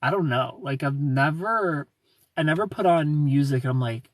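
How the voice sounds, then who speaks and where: A man hosting a casual livestream, greeting viewers by name and answering their comments in a relaxed, chatty way. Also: on the high side, moderate pace, no echo, distant mic. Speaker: livestream host.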